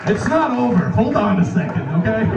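A male comedian tells an animated stand-up story and speaks straight to the audience. He sounds far from the mic in a roomy, reverberant hall. The recording is muffled, and a crowd laughs loudly throughout. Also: high voice, brisk, vocal fry, heavy background noise. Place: golf club event room, live before a crowd. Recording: roomy distant dull live recording, loud crowd laughter.

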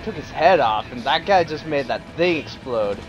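Excitable male let's player, high voice, sleepy, faint music behind. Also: normal speed, highs cut off. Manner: excitable, prone to sudden exclamations. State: sleep-deprived. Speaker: gameplay commentator. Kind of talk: let's play commentary.

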